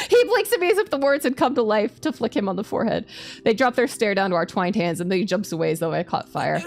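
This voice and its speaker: Woman streamer, reads game story aloud, lively pitch, quick playful asides, faint music behind. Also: creaky. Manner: animated, laughs often, playful asides. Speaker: VTuber streamer. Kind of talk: reading a game's story aloud with live commentary.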